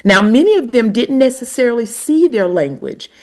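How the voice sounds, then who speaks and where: A woman's voice: a little high, very animated, normal speed, a little mellow. A middle-aged woman with a pronounced Southern US accent, speaking as a language educator in a reflective, explanatory interview style. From Southern United States, North Carolina. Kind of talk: conversational interview.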